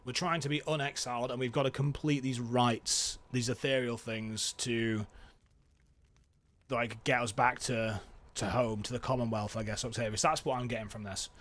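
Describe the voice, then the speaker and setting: A man's voice: mid-range voice, fairly even intonation, normal speed, a bit bright. A man streaming a story game, chatting with viewers and reading the game's dialogue aloud in his plain voice. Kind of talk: casual let's play chat, reading game text aloud.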